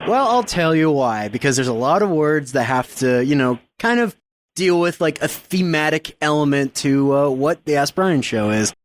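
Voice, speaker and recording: On a dry recording, a man with a high-side voice talks animatedly at normal speed. He co-hosts and engineers a podcast, chatting casually and laughing at his own expense.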